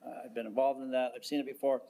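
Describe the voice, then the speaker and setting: A county commissioner speaking at a public board meeting, halting and deliberate, with frequent fillers and restarts. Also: male voice, mid-range voice, level tone, gravelly, dark tone.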